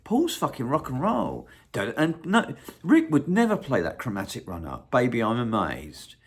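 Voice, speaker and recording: A man's voice: medium pitch, huge pitch swings, normal speed, husky. A man hosting his own channel, talking in a rambling casual monologue, swearing freely and breaking into humming and singing snatches of songs. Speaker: channel host.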